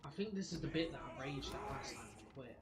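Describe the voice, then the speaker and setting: A man's voice: medium pitch, lively intonation, fast talker, crowd noise. A man giving live gameplay commentary as a streamer, muttering to himself and swearing at the game.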